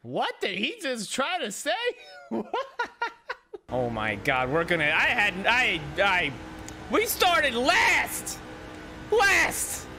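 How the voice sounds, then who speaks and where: A man streaming a racing game, commenting excitedly, swearing and yelling at rival drivers. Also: high-pitched, takes it slowly, soft background music. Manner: excitable, profane, yells at rivals. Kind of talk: gameplay commentary.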